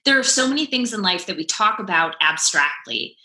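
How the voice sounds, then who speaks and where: A woman who works as a sex therapist, guesting in a casual chat, expressive and candid, swearing and laughing. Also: medium pitch, fairly quick, roomy sound.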